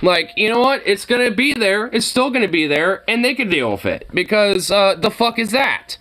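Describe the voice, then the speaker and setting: A man's voice: sits high, big pitch swings, unhurried, sharp tone. A young man filming his workplace kitchen on a phone, ranting and swearing in frustration. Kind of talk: profane ranting vlog.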